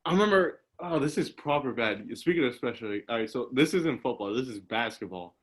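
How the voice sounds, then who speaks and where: A man's voice: mid-range voice, expressive, fairly quick. A young man hosting a casual podcast over a video call, telling stories in a rambling way with lots of "like" and laughter. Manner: rambling storyteller, laughs often, says "like" a lot. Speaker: podcast host. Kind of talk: casual chat.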